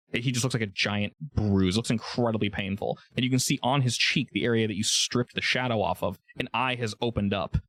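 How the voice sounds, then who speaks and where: Low-voiced male game master. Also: no echo. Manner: casual, explains rules with many fillers. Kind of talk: narrating a tabletop game.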